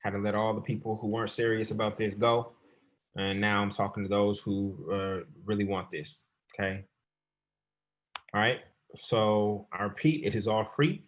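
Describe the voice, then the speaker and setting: A man hosting a real estate investing webinar as coach, talking fast and calling the audience y'all. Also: fairly low pitch, steady tone. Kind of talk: sales webinar presentation.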